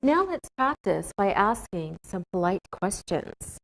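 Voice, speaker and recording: A woman teaching English in a scripted classroom lesson, speaking slowly and carefully with clear enunciation. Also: medium pitch, big pitch swings, poor audio.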